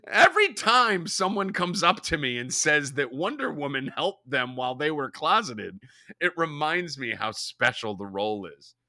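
A man hosting a casual podcast, talking in a profane, sarcastic, animated way. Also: a little high, moderate pace, no room sound, studio quality. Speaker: podcast host.

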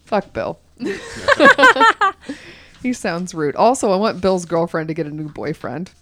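Brief: woman podcast co-host, blunt and swearing, lively pitch, lowish voice. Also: measured pace. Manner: blunt, swears freely, laughs often. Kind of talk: casual chat, reading listener letters.

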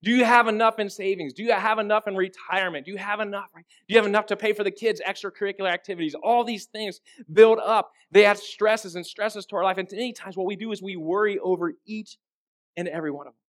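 A man's voice: high voice, steady tone, quick pace, a bit bright. A man preaching a sermon in a conversational way, often asking his listeners rhetorical questions. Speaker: pastor.

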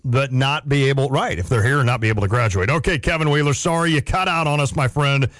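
A man's voice: mid-range voice, fairly bright tone, dry recording, studio quality. Chatty male sports radio host. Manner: chatty, self-deprecating, quick asides. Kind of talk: casual sports radio chat.

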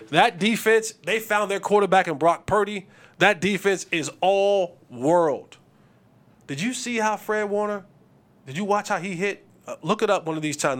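A man hosting a casual sports talk show, making lively game picks and trash talk with frequent repeated words. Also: fairly high pitch. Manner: animated, trash-talking, stumbles and repeats. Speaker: podcast host and former receiver.

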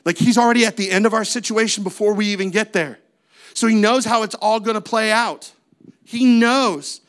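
A man's voice: high-pitched, normal speed, a bit bright. A man preaching a sermon as a pastor, with a conversational manner, lots of rhetorical questions and playful asides.

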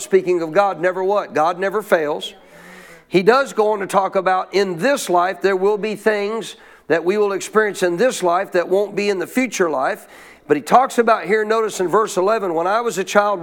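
Pastor guy preaching, kinda high voice, keeps asking the church to answer back. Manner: call-and-response preaching, asks congregation questions. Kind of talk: sermon.

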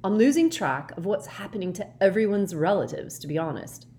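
A woman's voice: mid-range voice, expressive, fairly quick, mellow, pitched above the performer's own voice, close to an everyday voice. A woman reading as a jumpy teenage schoolboy. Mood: jittery.

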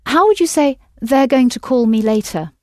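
A woman's voice: sits high, lively intonation, moderate pace, no echo, studio quality. A woman teaching a language lesson, patiently prompting her students with questions.

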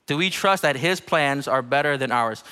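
A young adult man, a pastor, giving a conversational, animated sermon in a church. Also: mid-range voice, moderate pace, smooth, in a large hall. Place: church sanctuary.

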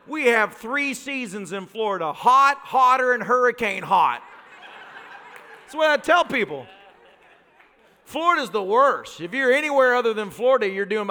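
A man preaching a lively sermon, teasing his listeners and firing rhetorical questions. His voice sits high and bright. The sound rings with the long reverb of a church hall. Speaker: pastor. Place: church sanctuary.

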